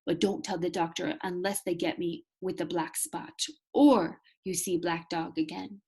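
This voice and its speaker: A woman's voice: on the low side, fairly even intonation, unhurried, gravelly, darkish tone, slightly rough, full character voice. A woman voicing a sick old sea captain who growls and pleads urgently, read aloud from a storybook.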